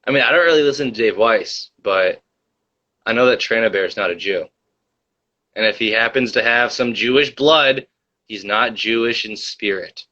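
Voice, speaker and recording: A man's voice: on the low side, moderate pace, sharp tone, lo-fi sound. A young man hosting a casual livestream, telling a rambling story full of fillers and reading the chat.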